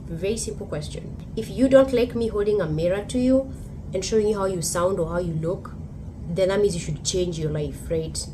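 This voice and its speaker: A woman's voice: medium pitch, normal speed, noisy background. A woman from Kenya with a Kenyan accent, giving a blunt, emphatic opinion monologue as host.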